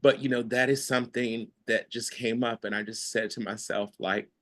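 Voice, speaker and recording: A man's voice: mid-range voice, steady tone, normal speed, fairly bright tone. A man hosting a mindfulness class, sharing his feelings in a rambling, casual way with frequent laughter, heard over a video call. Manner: rambling, laughs often, lots of fillers. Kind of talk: casual, heartfelt group sharing.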